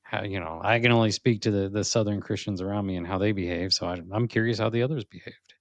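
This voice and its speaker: A man co-hosting a spiritual podcast in relaxed conversation. His voice is fairly low and recorded dry and close, with no room sound. He jokes around and chuckles often. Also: fast, no room sound. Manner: joking, laid-back, chuckles often. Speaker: podcast co-host. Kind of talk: casual spiritual podcast chat.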